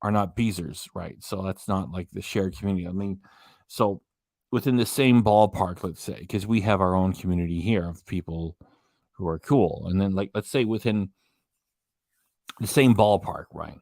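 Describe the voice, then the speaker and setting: A man's voice: sits low, normal speed, gravelly, a little mellow, no room sound. Man, reaction host, casual mocking commentary, rambling, dry close sound. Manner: mocking, rambling, loses his train of thought.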